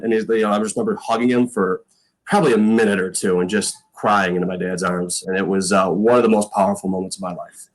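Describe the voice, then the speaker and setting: A man's voice: on the low side, steady tone, brisk. A man in his thirties, a former punter guesting on a podcast, telling stories in a rambling way full of fillers and quoted lines. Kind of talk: casual storytelling chat.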